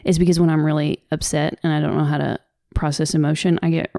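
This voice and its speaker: A fast-talking podcast co-host from the American South, she has a low, gravelly voice with little pitch movement and a Southern accent. Her casual discussion is earnest and loose, off the cuff, with gentle laughter, recorded at studio quality on a studio microphone with no room sound.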